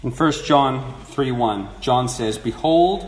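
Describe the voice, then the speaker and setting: A man's voice: mid-range voice, slow pace. Earnest male preacher in an echoey room. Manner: earnest expository preaching with rising emphasis. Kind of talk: sermon. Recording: echoey room with faint noise.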